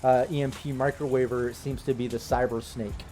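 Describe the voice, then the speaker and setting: A man's voice: mid-range voice, level tone, normal speed, mellow, soft background music. A man narrating as game master of a tabletop game, loose and full of fillers.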